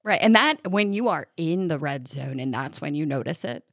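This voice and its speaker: A woman in her thirties co-hosting a casual parenting podcast, talking in an animated way and acting out her own yelling. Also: low voice, normal speed, no room sound, clean studio sound. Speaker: podcast co-host.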